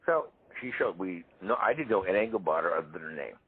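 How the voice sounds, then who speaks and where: A man in his seventies, a parapsychologist guest, telling stories in a lively way in a live interview. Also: low voice, quick pace, breathy edge. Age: 70s. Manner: animated storyteller. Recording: tinny phone-line audio.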